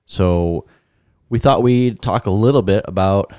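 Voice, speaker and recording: Male co-host, deep voice, deadpan banter, close dry sound. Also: unhurried, dry recording. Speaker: podcast co-host. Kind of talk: casual chat.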